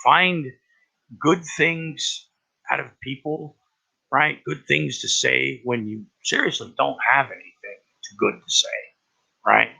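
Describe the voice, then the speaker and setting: Gravelly man with a tense, sharp edge; halting, profane rambling, lo-fi recording. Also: medium pitch, steady tone. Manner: halting, profane, many restarts. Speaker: vlogger. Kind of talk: rambling personal monologue. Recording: dull lo-fi recording.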